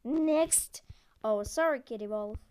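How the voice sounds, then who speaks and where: A woman telling a homemade story video and voicing its characters, speaking halting, broken English with restarts. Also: on the high side, darkish tone, clear, resonant tone.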